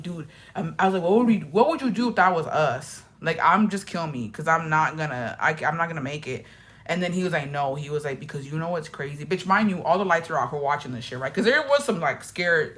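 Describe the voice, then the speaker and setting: Young woman vlogger, animated, profane storyteller who slips into Spanish. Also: on the low side. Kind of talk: get-ready-with-me chat.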